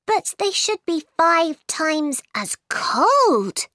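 A woman's voice: very high voice, sing-song, extremely slow, sharp tone, no room sound, clean studio sound, voice pushed up, exaggerated voice. A woman voicing a curious, polite young girl in a storybook, asking earnest, puzzled questions.

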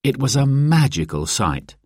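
A man giving a slow, clear, expressive narration of a children's storybook. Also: medium pitch, dry recording, clean studio sound. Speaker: audiobook narrator.

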